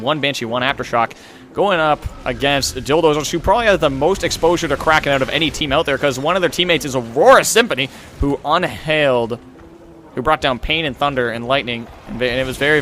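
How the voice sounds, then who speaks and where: A young man in his twenties calling a video game match play by play, rapid and excitable. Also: fairly high pitch, slight background noise. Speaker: esports caster.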